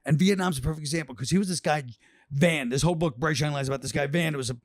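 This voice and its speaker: A man's voice: a little high, quick pace, no echo, clean studio sound. A man on a podcast, chatting casually and telling rambling stories, acting out the quotes. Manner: rambling storyteller, acts out quotes. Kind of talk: casual chat.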